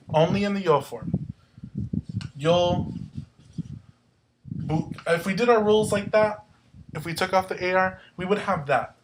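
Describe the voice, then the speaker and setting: A man's voice: on the high side, slight background noise. A man teaching a recorded grammar lesson, explaining step by step and checking in with the viewer as he goes. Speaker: Spanish teacher.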